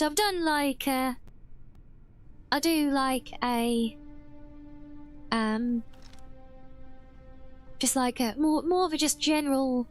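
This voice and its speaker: A young woman streaming a video game and chatting casually, giggling often and restarting her sentences. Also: sits high. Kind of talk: casual livestream chat while gaming.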